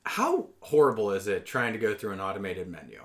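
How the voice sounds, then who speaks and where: A man co-hosting a casual podcast, animated and profane, breaking into loud mock voices. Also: on the low side, brisk. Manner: animated, swears a lot, shouts mock voices. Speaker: podcast co-host.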